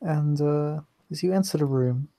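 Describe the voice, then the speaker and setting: A man narrating as game master of a tabletop game, halting and full of filler sounds. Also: on the high side, gravelly, mellow, no room sound.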